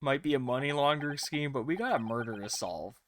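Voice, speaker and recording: A man's voice: medium pitch, brisk, fairly bright tone. A man streaming a video game, chatting casually and joking about the characters. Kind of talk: casual chat.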